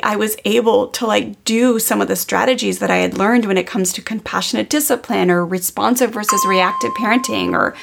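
A woman's voice: mid-range voice, gravelly. A woman in her thirties, a parenting educator, telling a personal story to her audience in an earnest, chatty way, full of "like" fillers.

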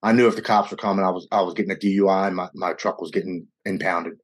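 A man candidly telling a raw personal story in an interview, speeding up and slowing down as the emotion rises. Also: low-pitched, fairly even intonation. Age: adult with young children. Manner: earnest, raw, quickens and slows with emotion. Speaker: guest sharing his recovery story.

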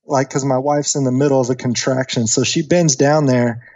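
A man in his thirties casually telling a long story on a podcast, animated and acting out the voices of the people in it. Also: medium pitch, normal speed, slightly rough, dry recording. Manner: animated storyteller, acts out quoted voices, many fillers. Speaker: podcast guest.

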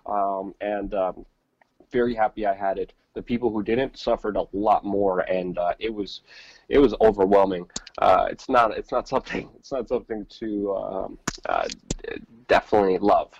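Brief: husky-voiced male co-host, dry lo-fi remote line, rambling casual delivery. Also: lowish voice, steady tone, normal speed, a little mellow. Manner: rambling, repeats words, many fillers. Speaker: podcast co-host reporting from the field. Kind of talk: casual live-stream chat.

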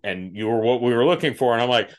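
A young man chats casually on his podcast, poking fun at himself as he tells stories. His voice sits at an ordinary middle pitch, and he breaks into laughter at his own jokes. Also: expressive, fast. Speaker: podcast host. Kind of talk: casual interview chat.

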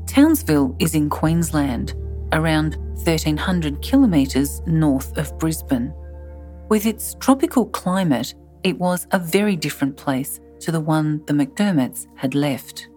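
A woman hosting a documentary podcast, reading scripted narration in a measured, earnest way. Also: sits low, a little mellow.

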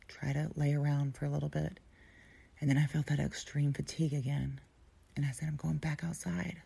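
Husky low-voiced woman telling a personal story. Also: dark tone. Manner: intimate, often dropping to a breathy near-whisper. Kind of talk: personal story told aloud.

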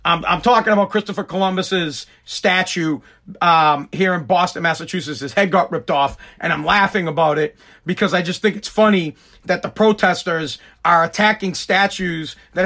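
A man from the United States delivers an exasperated, profanity-heavy rant straight to camera. His voice sits high for a man, and he repeats words as he pushes his point. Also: bright, forceful tone. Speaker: vlogger. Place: Boston.

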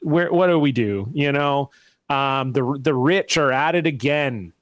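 A man's voice: medium pitch, measured pace, dry recording. A man co-hosting a podcast, talking in a joking, rambling way and swearing casually. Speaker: podcast co-host. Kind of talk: casual chat.

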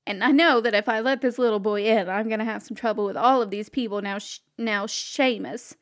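A woman's voice: a little high, natural voice. A woman voicing a stern, wary servant woman who scolds and speaks firmly. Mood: scolding. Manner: firm, scolding, drawn-out phrasing.

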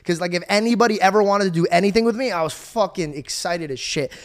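Excitable young man telling a story. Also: sits high, fast. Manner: excitable, swears freely, acts out quoted voices. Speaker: podcast host. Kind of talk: casual storytelling chat.

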